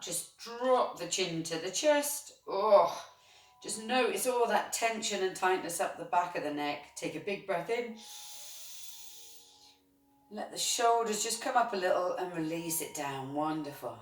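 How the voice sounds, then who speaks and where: Gentle encouraging woman yoga teacher, roomy. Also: on the low side, expressive, a little slow, faint music behind. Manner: gentle, encouraging, frequent praise. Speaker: chair yoga instructor. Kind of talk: guided movement class. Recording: roomy sound from a distance.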